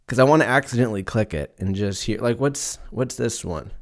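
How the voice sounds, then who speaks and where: A man's voice: mid-range voice, lively intonation, a little fast. A man in his twenties from Southern California, hosting a casual solo podcast and rambling, joking and swearing freely. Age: 20s. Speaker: podcast host.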